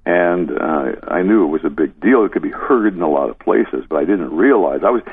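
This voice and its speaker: Gravelly low-voiced older man on phone. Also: expressive, a little fast, no room sound. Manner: rambling, chuckling storyteller. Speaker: former disc jockey. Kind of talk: reminiscing interview. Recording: dry tinny phone line.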